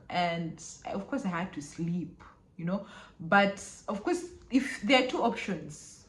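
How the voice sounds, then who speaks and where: A woman's voice: fairly low pitch, fairly bright tone. Chatty woman vlogging. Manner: chatty, filler-heavy, laughs often. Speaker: travel vlogger. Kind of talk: casual travel vlog. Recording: echoey room.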